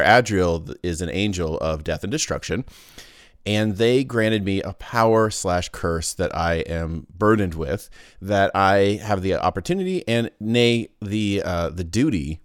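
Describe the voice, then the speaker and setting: A man's voice: sits low, no echo, clean studio sound. A man hosting his own podcast, talking in a goofy, rambling casual monologue full of restarts. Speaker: podcast host.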